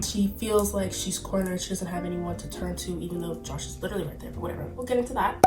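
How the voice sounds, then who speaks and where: A young woman with a frog in her throat giving an animated, chatty book rant to camera. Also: on the low side, brisk, few pauses, over music, rough recording. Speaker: book video creator.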